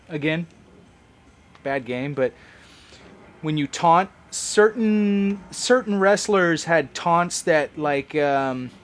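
A man's voice: on the high side, slight background noise. A man giving casual, rambling commentary as he plays a game, chatting like a longtime fan. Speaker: let's play host.

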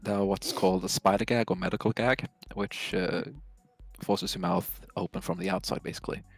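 A man's voice: sits low, steady tone, brisk, gravelly, no room sound, faint music behind. A man explaining things in a matter-of-fact way during a casual group chat, with frequent filler sounds.

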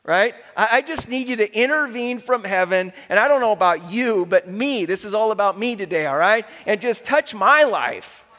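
A middle-aged male pastor preaching a sermon to his congregation, animated and joking, getting the crowd to respond. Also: sits high, normal speed, hardly any pauses. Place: large church hall. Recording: reverberant church hall.

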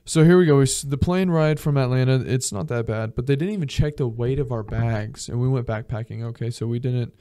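A man's voice: mid-range voice, brisk, hardly any pauses, dark tone, clean tone, dry recording, clean studio sound. A man as a podcast guest, telling rambling, profane stories in casual chat. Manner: profane, rambling, acts out voices in his stories. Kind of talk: casual storytelling.

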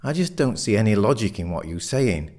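A man's voice: on the low side, sing-song, fairly quick, warm tone. A man voicing Simon, a blunt, dismissive friend at the pub. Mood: scoffing. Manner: scoffing, dismissive. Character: Simon, a blunt meat-loving pub mate.

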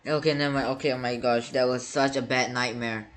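A man's voice: medium pitch, steady tone, a little fast, a bit bright. Panicky, stammering gaming commentator man. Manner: panicky, stammering, repeats words over and over. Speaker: gaming YouTuber. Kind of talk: gameplay commentary.

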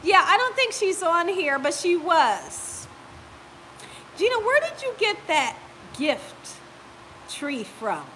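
A chatty woman hosts a live stream from home, her voice high and ringing bright. She laughs easily between viewer comments and keeps clearing a stubborn cough, with a faint hiss behind her. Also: sing-song, low-quality recording. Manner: chatty, warm-hearted, quick to laugh. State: lingering cough. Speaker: cooking channel host.

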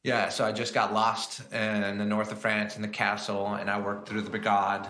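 A man, a chef and entrepreneur, telling stories in a casual interview, animated and chatty. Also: fairly low pitch, normal speed, a little hiss or hum. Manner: animated, slips into lively acted-out voices in his stories.

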